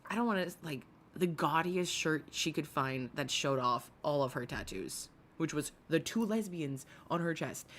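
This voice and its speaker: A woman's voice: medium pitch, a bit bright, a little hiss or hum. A woman hosting a casual commentary livestream, chatty and gossipy, swearing freely and greeting viewers by name. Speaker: livestream host.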